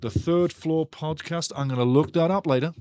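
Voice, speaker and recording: A man's voice: a little high, moderate pace, mellow, clean tone, no echo. A man hosting a live football watchalong, talking passionately and ranting about refereeing calls in a chatty way. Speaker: watchalong host.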